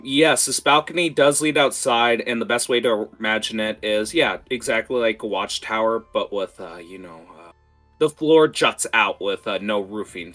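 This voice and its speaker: A man running a tabletop game as game master, talking in a lively, rambling way with fillers. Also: lowish voice.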